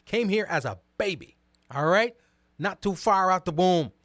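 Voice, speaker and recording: A man hosting a show, reading out viewer comments and talking back to them in a casual, animated way, often repeating words and asking "right?". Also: high-pitched, normal speed, no room sound. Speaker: host.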